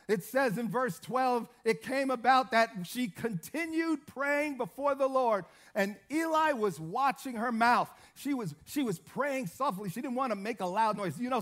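A man's voice: extremely high pitch, big pitch swings, a little slow, a bit bright. A man preaching a sermon in an emphatic, repetitive way, calling out hallelujah.

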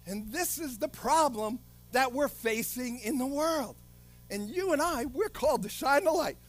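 A man preaching a sermon in an impassioned, dramatic way, often building up to shouts. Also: very high voice, animated, a little slow.

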